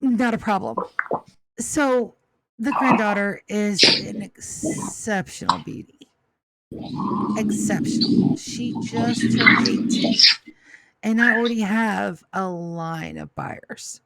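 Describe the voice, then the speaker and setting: A woman voicing a scheming, smooth-talking madam in a tabletop game, in a coaxing, businesslike manner. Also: medium pitch, slow pace, heavy background noise.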